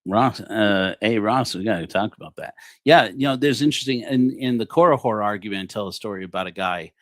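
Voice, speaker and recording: A man's voice: on the low side, a little fast, dry recording. A man preaching a comedic, rambling sermon on a livestream, joking and self-deprecating. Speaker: preacher of a parody church.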